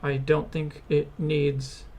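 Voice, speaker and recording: Slow, gravelly-voiced streamer. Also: medium pitch, flat delivery, a little mellow, a little hiss or hum. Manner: hesitant, restarts often. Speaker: streamer designing creatures. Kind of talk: casual live-stream chat.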